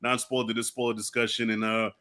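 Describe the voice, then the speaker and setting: A laid-back man hosts a casual group chat. He talks quickly, in a bright, forward tone. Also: mid-range voice, level tone. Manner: laid-back, wraps up the show. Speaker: host.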